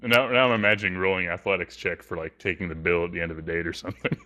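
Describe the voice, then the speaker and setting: Playful, bright-voiced man at the game table. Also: low-pitched, steady tone, rapid-fire. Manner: laughing, playful. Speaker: player. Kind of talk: casual chat.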